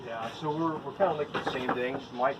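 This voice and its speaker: A male electrical inspector talks through a job step by step, in a mid-range voice of ordinary pitch. His manner is plain and methodical. Clear background noise runs under him throughout the recording. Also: fast. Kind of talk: casual on-site inspection talk. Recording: noisy on-site recording.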